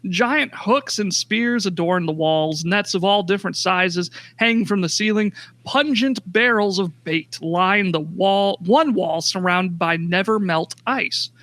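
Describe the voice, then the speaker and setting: A man's voice: sits high, unhurried, hardly any pauses, a bit bright. A man running a tabletop game as game master, narrating scenes in a laid-back, joking way with casual swearing.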